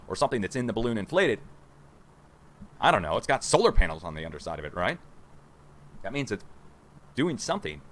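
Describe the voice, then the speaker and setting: A man in his forties hosting a rambling livestream from a room at home, excitable and conspiratorial, talking to viewers as guys. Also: lowish voice, slight background noise. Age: 40s. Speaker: livestream host.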